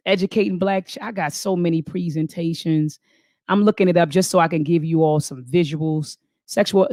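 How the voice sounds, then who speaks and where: This woman's fairly low, darkish voice carries a live online talk where she reads viewer comments aloud. With fervent, preacher-like conviction she often calls the audience "family", thinking aloud with restarts and repeated phrases, captured on a dry, studio-quality recording.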